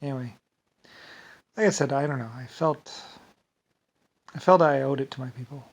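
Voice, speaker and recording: A man's voice: medium pitch, normal speed. A man talking at length in a rambling personal monologue, often repeating and restarting words and trailing off with filler. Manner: trails off with "anyway, whatever". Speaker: vlogger.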